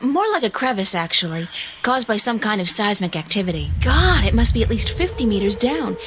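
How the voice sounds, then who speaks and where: A woman voicing a calm young adventurer in a game. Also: mid-range voice, a little fast, noisy background, natural voice. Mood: observant. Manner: matter-of-fact, observant. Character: young woman adventurer calmly describing surroundings. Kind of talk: video game voice acting.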